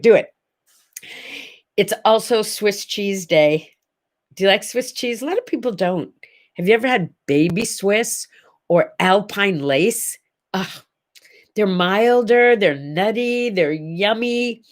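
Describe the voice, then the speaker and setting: A middle-aged woman hosting a casual morning chat show, talking straight to the camera in a gushing, rambling way full of asides. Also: mid-range voice. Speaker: host.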